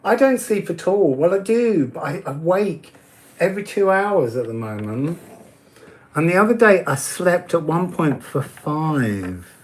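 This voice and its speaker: A man's voice: a little high, sing-song, measured pace. Chatty man reading cards on a live stream. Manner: chatty, laughs often, answers viewer comments. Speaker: oracle card reader. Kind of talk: casual live-stream chat.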